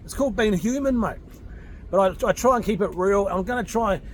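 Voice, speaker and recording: A man's voice: sits high, fairly quick, slight background noise. An Australian man in his forties giving a blunt, combative vlog rant to camera from his home in Thailand, swearing freely and speaking off the cuff. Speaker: vlogger.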